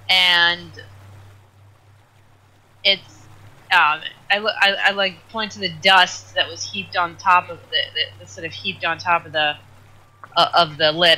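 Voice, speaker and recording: High, bright-voiced man player. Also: rough recording.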